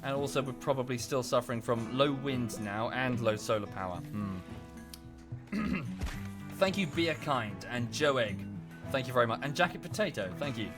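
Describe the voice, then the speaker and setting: A man's voice: mid-range voice, animated, moderate pace. A man chatting casually while live-streaming a game at home, often thinking aloud and thanking viewers. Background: background music.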